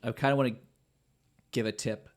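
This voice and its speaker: A man hosting a podcast, calmly giving practical tips to listeners. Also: medium pitch. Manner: measured, gives calm practical tips. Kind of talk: conversational podcast interview.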